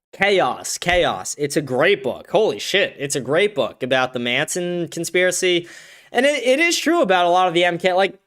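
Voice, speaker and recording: A man's voice: high-pitched, a bit bright. A young man hosting a casual livestream, reading chat aloud and rambling in a profane, laugh-filled way with lots of filler words.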